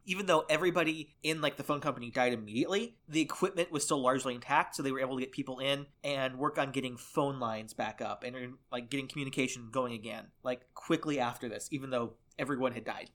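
A man's voice: medium pitch, fast talker, hardly any pauses, a bit bright. A man hosting a history podcast, telling events in a loose, conversational way with many restarts. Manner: explains, with restarts and "like". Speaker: podcast host. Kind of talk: casual history podcast chat.

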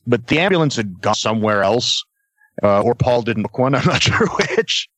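A man, a guest on a podcast, telling a backstage anecdote in a casual, animated way and laughing as he goes. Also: mid-range voice, normal speed, no room sound. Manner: animated storyteller, laughs between lines, acts out other voices. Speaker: guest, former wrestler.

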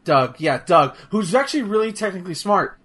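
A man streaming games, chatting casually in an animated, profane, rambling way with many restarts. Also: sits high, fairly quick, husky. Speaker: streamer discussing a game. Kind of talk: casual chat.

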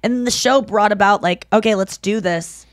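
A woman's voice: medium pitch, normal speed. A woman in her thirties hosts a casual podcast chat. She tells stories with energy and acts out the lines of the people in them. Her voice sits close to the mic in a dry room with no echo. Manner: animated storytelling, acting out quotes. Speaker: podcast host.

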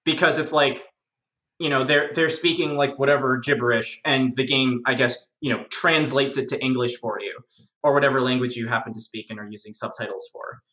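Enthusiastic lore explainer for a podcast, rambling and chatty, sharp bright voice in a roomy space. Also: mid-range voice, fairly even intonation, brisk. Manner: rambling, enthusiastic, many fillers. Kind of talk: casual podcast chat.

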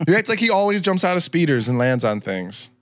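A man's voice: on the high side, very animated, fairly quick, fairly bright tone, no echo, studio quality. Sarcastic man riffing on a movie. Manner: laughing, swearing, sarcastic asides. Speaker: movie commentator. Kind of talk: casual movie reaction chat.

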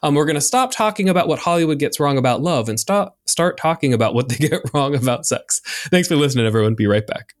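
A man's voice: on the high side, expressive, fast, few pauses. A young man co-hosting a podcast in casual chat, talking in a chatty, jokey way with plenty of fillers. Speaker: podcast co-host.

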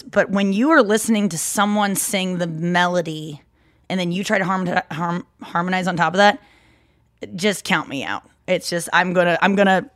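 A woman's voice: fairly low pitch, no room sound, studio quality. A woman hosting her own podcast, talking in a rambling, self-correcting, confessional way. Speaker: podcast host. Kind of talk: casual chat.

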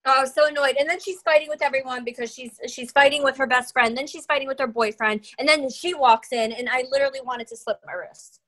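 High-voiced excitable woman podcast co-host. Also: fast, hardly any pauses. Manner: excitable and blunt, with crude words. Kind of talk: casual chat.

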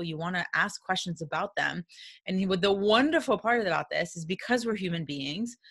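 An animated woman coaching on business in a casual, candid talk. She slips into lively acted-out dialogue to make her points, laughs often and swears mildly. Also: mid-range voice. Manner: candid and blunt, with mild swearing.

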